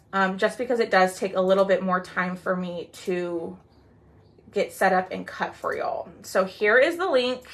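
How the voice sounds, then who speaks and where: During a live sale, a woman shows off a craft and talks casually with her livestream audience. Her voice sits in the middle range with a fairly bright tone. She's talkative, with lots of "um"s and long, stretched-out "y'all"s.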